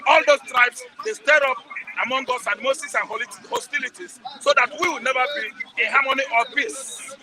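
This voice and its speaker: A man's voice: extremely high pitch, fairly quick, sharp tone, rough recording. A man with a Nigerian accent giving heated political commentary as a guest, emphatic and repetitive, pressing the listener with rhetorical questions.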